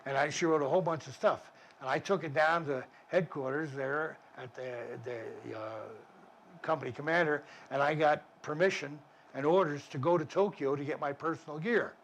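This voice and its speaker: A man's voice: fairly high pitch, moderate pace, a bit bright. An older man, an army veteran, recounting his war memories in a vivid, plainspoken way with frequent restarts. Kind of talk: war memoir storytelling.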